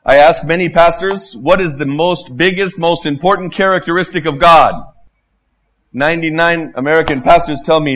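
Delivering a sermon, a middle-aged male pastor speaks with passion, leaning on repetition and rhetorical questions and moving from loud to soft. His pitch is fairly high, his tone steady, and his pace moderate.

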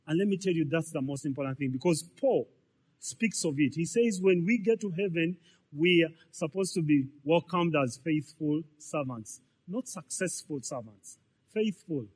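A man's voice: fairly high pitch, moderate pace, a little mellow, slightly rough. A man, preaching a sermon in a conversational way, full of repetitions and rhetorical questions. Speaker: pastor.

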